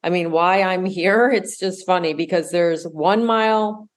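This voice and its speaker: A woman hosts a podcast in a casual, chatty way. She talks eagerly and rambles, restarting her sentences as she goes. Her voice sits fairly low for a woman. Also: unhurried. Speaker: podcast host. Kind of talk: casual chat.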